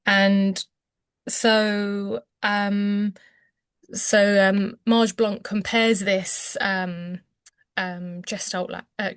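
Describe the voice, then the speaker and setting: A woman from England, a clinician, explains language development as an interview guest, hesitating with many ums and restarts. Her voice is on the low side, with no room sound.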